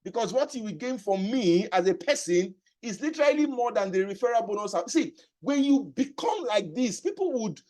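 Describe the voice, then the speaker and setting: A man's voice: high-pitched, sing-song, moderate pace, few pauses, a little mellow. A man giving a motivational sales training talk, emphatic, repeating key phrases and asking rhetorical questions. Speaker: sales and business coach.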